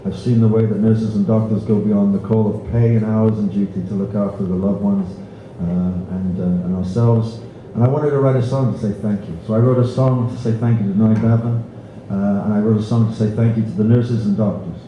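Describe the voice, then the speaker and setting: British singer telling a story onstage. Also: male voice, on the low side, level tone, brisk, mellow, a little hiss or hum. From Britain. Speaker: singer-songwriter on stage. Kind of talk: storytelling between songs at a concert. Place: concert venue. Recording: echoey live hall, slightly dull audio.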